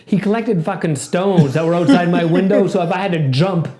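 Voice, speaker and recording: A high-voiced man tells stories at a rapid clip, with plenty of swearing. His tone is soft and mellow rather than sharp. The room around him has an audible echo. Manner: rapid, profane, animated storytelling. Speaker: podcast co-host. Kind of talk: casual chat.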